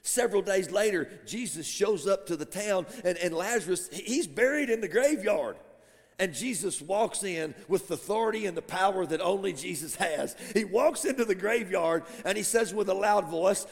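A pastor delivers a lively sermon, his voice sitting high for a man. He preaches with rising energy and bursts of shouting. The sound carries a long reverb from a church hall. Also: moderate pace, creaky. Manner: animated preaching, rises to shouts. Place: church sanctuary.

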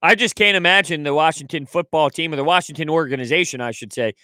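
A sports radio co-host with a high, sharp and bright voice asks probing questions and fires back quick reactions to his partner. He is recorded close and dry in the studio. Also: no room sound. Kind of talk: casual sports talk.

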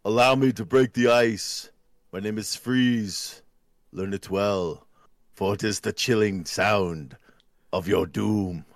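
Man doing a deep, menacing ice villain. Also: fairly even intonation, no room sound, clean studio sound. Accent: Austrian, put on. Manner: slow, ominous, deep declaiming. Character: icy comic-book villain, menacing man.

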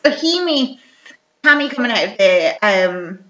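A young woman recapping a film in casual chat, telling it lively and full of "like". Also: a little high, unhurried. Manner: chatty, lively retelling full of "like" and quoted lines. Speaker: podcast co-host. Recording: echoey room, slightly dull sound.

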